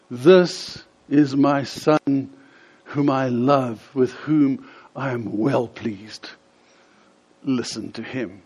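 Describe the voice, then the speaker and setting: Mellow-voiced man preaching a story sermon. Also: on the high side. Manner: vivid retelling with dramatic pauses. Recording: slightly dull lo-fi sound.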